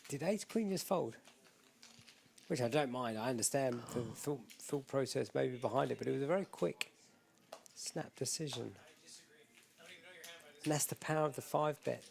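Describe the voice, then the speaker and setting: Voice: medium pitch, moderate pace, vocal fry, long pauses, a little mellow, slight background noise. A co-commentator calling live poker hands in a laid-back way and laughing easily.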